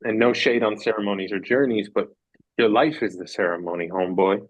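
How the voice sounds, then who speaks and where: A man's voice: on the low side, steady tone, fairly quick, dry recording, low-quality recording. A man talking as a podcast guest in a reflective, casual way, earnest and rambling, repeating phrases for emphasis.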